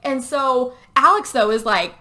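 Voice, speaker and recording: A young woman with a bright, forward voice that sits a little high, chatting casually as a podcast co-host. She retells a film's plot in a loose, animated way, with plenty of fillers. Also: unhurried. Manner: animated retelling full of "like" and "you know", breaking into quoted voices. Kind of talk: casual movie recap chat.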